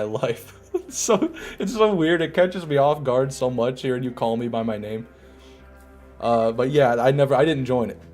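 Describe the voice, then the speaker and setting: A man casually chatting and joking with his chat while he streams a game. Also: medium pitch. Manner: relaxed, joking, repeats himself. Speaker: gaming streamer. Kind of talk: casual live commentary reading chat.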